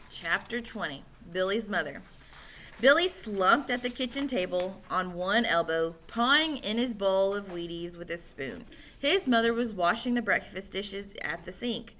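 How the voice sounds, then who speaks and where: A woman reading a children's novel aloud with animated storytelling. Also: mid-range voice, measured pace. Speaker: narrator.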